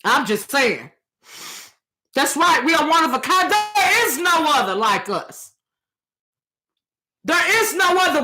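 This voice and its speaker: A woman giving impassioned opinion commentary, preachy and hollering at times, stumbling over her words and repeating phrases for emphasis, close on a loud microphone. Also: high voice, big pitch swings, slow, long pauses. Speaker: commentary channel host. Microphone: loud close desktop microphone.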